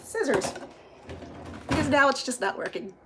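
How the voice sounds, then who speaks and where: A woman's voice: sits high, animated, normal speed, noisy background. A middle-aged woman, chatting casually on a live stream from her phone at home, greeting viewers by name and laughing often. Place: home kitchen.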